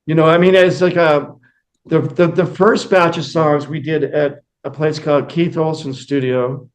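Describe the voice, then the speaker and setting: A man's voice: a little high, fairly even intonation, moderate pace. Rambling man telling band stories. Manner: rambling anecdotes with many fillers and acted-out quotes. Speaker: interview guest, musician. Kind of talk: casual storytelling interview.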